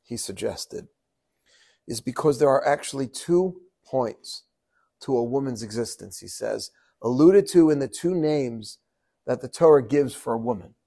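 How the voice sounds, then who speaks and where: A man in the role of a rabbi delivers a lively Torah lesson at a middle pitch. He chants short Hebrew phrases, glosses them in English, and keeps asking his listeners questions. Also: measured pace, vocal fry. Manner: animated, quotes Hebrew verses then translates; asks rhetorical questions to the audience. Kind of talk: Torah teaching talk.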